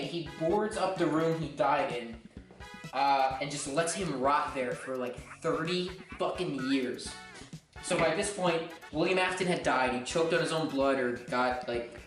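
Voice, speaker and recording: A young man rambling profanely and excitably through a comedic retelling of game lore, sounding drunk. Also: fairly high pitch. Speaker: host. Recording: echoey room, far from mic, faint music.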